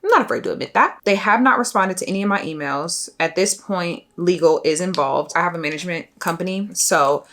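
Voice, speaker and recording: A young adult woman vlogger talking casually to her viewers, venting in an animated, exasperated way with slangy asides. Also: fairly low pitch, fairly quick, few pauses. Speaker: beauty vlogger. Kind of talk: casual vlog rant to camera.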